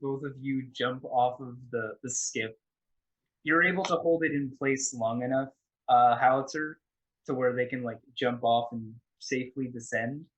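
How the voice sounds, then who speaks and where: A man's voice: medium pitch, normal speed, fairly bright tone, low-quality recording. A man narrating a tabletop game as game master, in a loose, casual way with lots of restarts.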